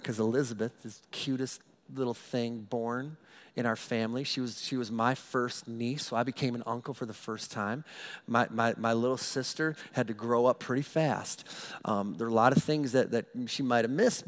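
A middle-aged man, a pastor, telling a funny personal story in a sermon, animated and self-mocking, often repeating his words. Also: mid-range voice, normal speed.

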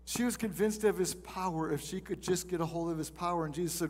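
A man's voice: a little high, fast talker, few pauses, a little mellow, big-room sound. A male pastor teaching a sermon in a conversational way, reading scripture and acting out the people in it.

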